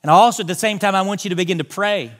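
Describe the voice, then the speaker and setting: A man's voice: high voice, very fast, a bit bright. A pastor preaching a sermon in a church, making earnest, direct appeals to his congregation. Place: church sanctuary.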